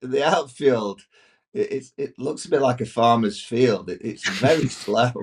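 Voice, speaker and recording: A man's voice: medium pitch, a little slow, slight background noise. Hesitant chatty man from England. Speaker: podcast guest. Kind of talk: casual chat.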